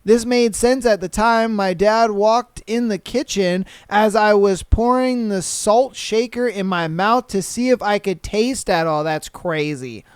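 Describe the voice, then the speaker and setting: Guy doing a podcast, reads stories then riffs on them, lots of swearing and laughing, smooth clean voice, dry close mic. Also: sits high, no room sound. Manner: laughs often, slangy and profane, mimics people in quick voices. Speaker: podcast host reading listener stories. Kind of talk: casual podcast commentary.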